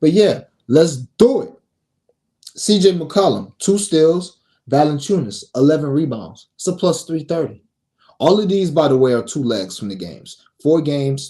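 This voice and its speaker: A man's voice: fairly high pitch, sing-song, a little slow, dark tone. A man hosting a sports betting show, reading picks in a brash, profane, casual way and scolding his viewers.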